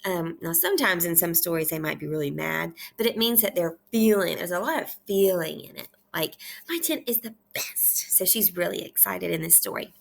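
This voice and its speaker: A woman teaching kindergarten, reading aloud slowly and clearly in a repeat-after-me lesson from her kitchen at home. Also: on the low side. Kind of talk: slow read-aloud lesson for young children.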